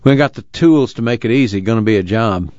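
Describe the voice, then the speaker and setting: A man voicing a steady, practical young farm man with a calm, dry rural drawl. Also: fairly low pitch, fast, no room sound, voice pushed up, lightly acted. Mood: matter-of-fact. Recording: dull lo-fi recording.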